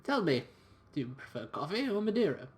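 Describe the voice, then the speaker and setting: A man's voice: fairly high pitch, big pitch swings, a little fast, pitched above the performer's own voice. A man reading as a cheerful eccentric professor. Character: cheerful eccentric male professor, middle-aged. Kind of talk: reading game dialogue aloud.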